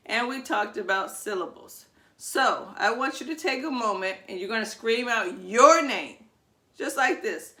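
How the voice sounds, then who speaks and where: A woman teaching preschoolers over video, her voice bright and forward. She speaks slowly and encouragingly, in a sing-song way, drawing out words for the children to repeat. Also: medium pitch. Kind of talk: video lesson for young children.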